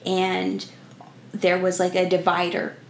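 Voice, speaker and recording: A young woman co-hosts a casual podcast, spinning a long travel story full of "like" fillers. Her voice has a gravelly edge. The room is echoey, with a faint hiss underneath. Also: fairly low pitch, monotone, takes it slowly. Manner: chatty storytelling, many "like" fillers. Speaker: podcast co-host. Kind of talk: casual chat.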